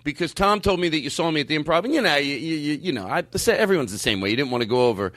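A man's voice: on the high side, expressive, very fast, a bit bright, no echo, clean studio sound. A man hosting a casual comedy podcast, joking, swearing and laughing easily. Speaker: podcast host.

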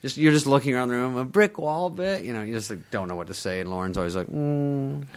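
A man's voice: medium pitch, fast talker. A man, a guest comedian, telling stories in a casual chat, laughing often and acting out the people he quotes.

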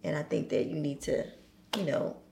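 A low-pitched woman with a gravelly edge talks thoughtfully. Faint background noise sits under her voice. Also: animated, normal speed, mellow, roomy sound. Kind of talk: casual conversation.

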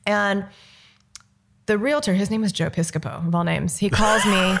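A woman's voice: medium pitch, fairly even intonation, normal speed, gravelly. A woman from Los Angeles, a filmmaker, telling a story as an interview guest and acting out the dialogue. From Los Angeles, United States.

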